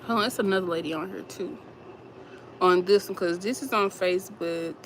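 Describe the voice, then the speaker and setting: A woman's voice: fairly low pitch, normal speed, a bit bright, slight background noise, low-quality recording. A woman vlogger, telling viewers about strangers asking her for help, emotional and rambling, repeating herself. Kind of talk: casual storytelling to viewers.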